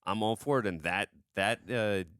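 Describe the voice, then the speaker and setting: A man's voice: lowish voice, normal speed, a bit bright, clear, resonant tone, no room sound, studio quality. A man co-hosting a casual review show, talking enthusiastically about an episode with many restarts and repetitions. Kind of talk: casual reaction review chat.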